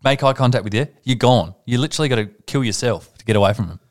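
Chatty man reacting to a story. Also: medium pitch. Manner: chatty, quick to react with questions. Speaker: podcast co-host. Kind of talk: casual chat.

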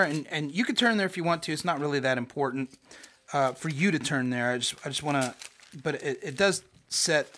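Animated folksy Bible teacher. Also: medium pitch, slight background noise. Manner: animated, acts out scripture characters, folksy slang; frequent "right?" check-ins with listeners. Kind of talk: recorded Bible study lecture.

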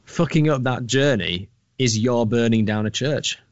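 A man's voice: mid-range voice, unhurried, no room sound. A man co-hosting a podcast, chatting casually in a teasing, joking, sweary way. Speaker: podcast co-host. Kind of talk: casual chat. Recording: dull dry lo-fi audio.

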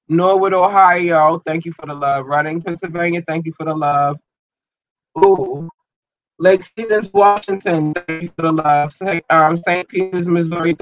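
A man hosting a podcast and online radio show, rambling casually and slangily through listener shout-outs while his eye is irritated and tearing up. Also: fairly high pitch, no room sound, lo-fi sound. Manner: loose, rambling, slangy, repeats himself.

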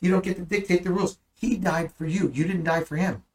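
A man's voice: sits high, steady tone, fairly quick, darkish tone, a little hiss or hum, poor audio. A man teaching the Bible in a conversational way, earnest and at times emphatic. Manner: earnest, rising to emphatic bursts.

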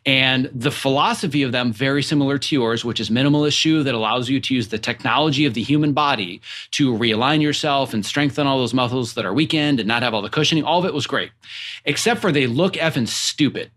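A man hosts a podcast and talks quickly in a mid-range voice. He is chatty and enthusiastic, and he often plugs the show's sponsor. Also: mid-range voice, a bit bright. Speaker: podcast host. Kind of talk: casual interview.

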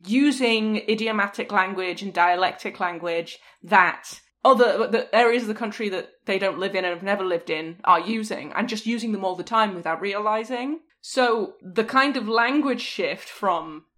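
A woman co-hosting a podcast, talking in a chatty, animated way. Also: medium pitch, moderate pace, few pauses. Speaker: podcast co-host. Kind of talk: casual chat.

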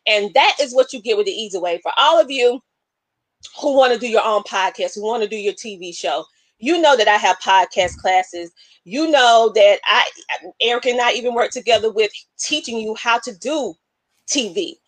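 Woman host, preacherly and emotional, high-ish voice, dry sound. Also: moderate pace, dry recording. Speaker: show host. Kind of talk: live online show chat.

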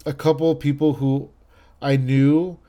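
In a casual chat, a man in his thirties talks loosely and ramblingly, stacking up fillers and restarts. His slightly high voice is mellow and dark in tone, his delivery flat and unhurried, yet enthusiastic.

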